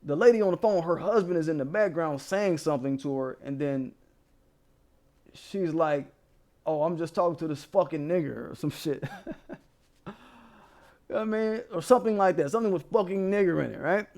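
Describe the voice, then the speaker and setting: A man hosting a casual commentary show, telling a story in a profane, animated way and laughing as he goes. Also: on the high side, moderate pace, long pauses.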